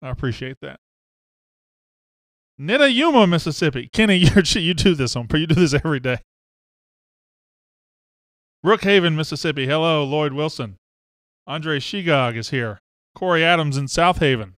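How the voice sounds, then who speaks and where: Man, sports talk host, casual, slightly high, smooth, dry. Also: animated, moderate pace, long pauses, a bit bright, no room sound. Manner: chatty, reads out viewer names and hometowns. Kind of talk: casual live-stream sports chat.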